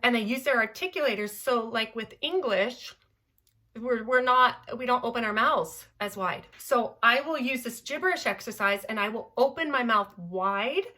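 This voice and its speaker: A young adult woman from Southern California, a voice teacher talking in a podcast interview in an animated, playful way. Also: a little high, normal speed. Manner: animated, playful, demonstrates with gibberish singing sounds. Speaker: voice teacher, guest.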